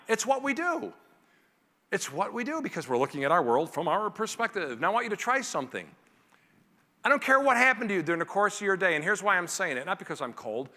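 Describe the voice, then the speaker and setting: Animated man giving a keynote in a hall. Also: high-pitched, quick pace. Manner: animated, acts out family scenes in character voices. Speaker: keynote speaker. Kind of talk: motivational keynote speech. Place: large conference hall. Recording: reverberant hall.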